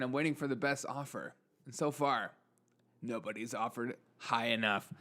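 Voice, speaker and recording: A man's voice: on the high side, a bit bright. A man hosting his own news commentary show, delivering sarcastic remarks and chuckling often between lines. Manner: chuckles often, mocking asides. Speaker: show host.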